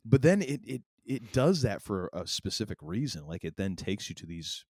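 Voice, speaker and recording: A middle-aged man co-hosting a podcast, telling a story in casual chat and acting out family quotes with animated energy. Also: lowish voice, normal speed, no echo, studio quality. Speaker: podcast co-host.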